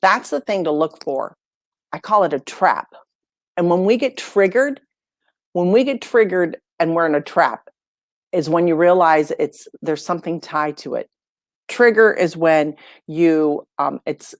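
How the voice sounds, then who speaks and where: A woman, a life coach and podcast guest, tells stories in a relaxed, conversational way and acts out the lines of the people in them. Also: lowish voice, unhurried, no room sound, clean studio sound. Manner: lively storyteller who acts out dialogue. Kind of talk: casual podcast storytelling.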